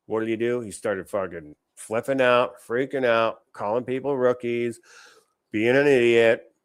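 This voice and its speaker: A male host rants in profane reaction commentary, angry and mocking. His pitch is ordinary, and he jumps between loud outbursts and muttered asides. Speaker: show host.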